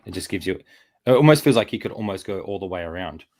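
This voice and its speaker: Very deep-voiced man rambling casually. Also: animated, fast, darkish tone. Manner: rambling, many fillers and restarts. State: recovering from a chest infection. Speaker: host. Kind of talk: casual chat while posing a figure.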